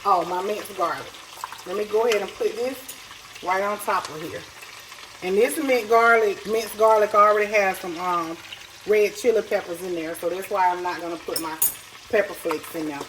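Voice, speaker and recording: A woman's voice: mid-range voice, moderate pace, background noise. A woman, chatting folksy and direct to viewers as she cooks at home. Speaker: home cook. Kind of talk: casual cooking tutorial. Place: home kitchen. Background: faint sizzling pan.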